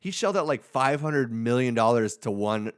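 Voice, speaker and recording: A man's voice: mid-range voice, lively intonation, normal speed, clear, resonant tone. A man co-hosting a podcast, bantering casually and cracking jokes with his friend. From Arizona. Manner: joking, trades quips and puts on silly voices. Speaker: podcast co-host.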